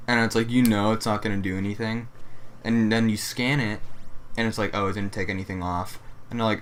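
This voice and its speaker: A man's voice: on the low side, fairly even intonation, a little fast, fairly bright tone. Ranting young man venting about customers. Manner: ranting, profane, acts out customers in mock voices. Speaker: co-host. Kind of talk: casual chat. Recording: faint background noise.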